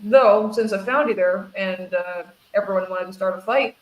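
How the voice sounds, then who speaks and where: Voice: medium pitch, moderate pace. A player speaking casually in character during a tabletop game. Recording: roomy, distant, faint hiss.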